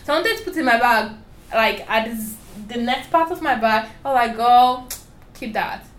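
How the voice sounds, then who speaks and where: A woman's voice: on the high side, animated, a little fast, a bit bright. A young woman with a strong foreign accent, telling her story candidly and emphatically in an interview. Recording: roomy echo with faint ambience.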